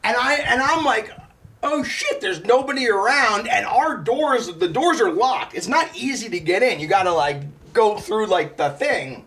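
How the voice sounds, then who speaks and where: Young guy on a comedy podcast, high voice bouncing all over, swearing and laughing. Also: moderate pace, few pauses, far from the mic. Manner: animated storytelling, swearing, laughing. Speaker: podcast co-host. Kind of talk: casual comedic chat.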